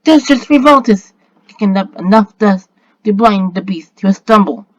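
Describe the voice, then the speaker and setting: A man doing a cheeky young girl, pitched up. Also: steady tone, normal speed, dry recording, natural voice, rough recording.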